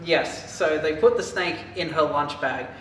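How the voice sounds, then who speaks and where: A man casually recapping a book for a podcast, rambling and animated, with lots of filler words. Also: fairly high pitch, unhurried. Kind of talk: casual chat. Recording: echoey room, distant mic, faint hiss.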